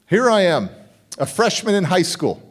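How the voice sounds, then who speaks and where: A man with a notably high speaking voice delivers a motivational keynote. He tells stories in an animated way and acts out the dialogue of the people in them. He sounds middle-aged. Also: moderate pace. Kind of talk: storytelling keynote speech.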